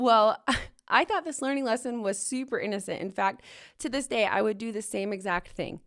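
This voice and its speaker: A young woman speaks straight to her listeners in a mid-pitched voice, open and heartfelt. She recounts hard times with real feeling, rising with emotion and letting rueful laughs slip in. Her tone is warm and confessional, like a podcast host talking to people she knows. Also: animated, normal speed. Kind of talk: personal storytelling to listeners.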